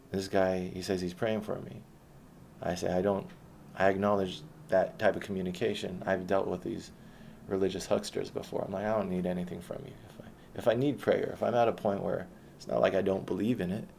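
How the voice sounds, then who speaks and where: Deep gravelly man telling a story. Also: a little mellow, slight background noise. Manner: blunt, rambling, retells conversations. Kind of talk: personal storytelling monologue.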